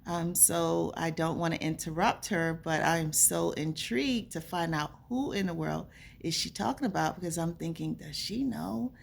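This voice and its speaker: A woman speaks to her camera in an earnest, conversational way, recounting something from her own life. Her voice sits low and has a gravelly edge. A faint hum of noise runs underneath. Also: moderate pace. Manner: earnest, conversational, acts out remembered dialogue. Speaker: vlogger. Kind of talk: casual personal storytelling to camera.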